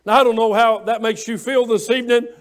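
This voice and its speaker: A man preaching a sermon, fervent, with rising shouts and frequent "uh" fillers. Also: extremely high pitch, steady tone, fast talker.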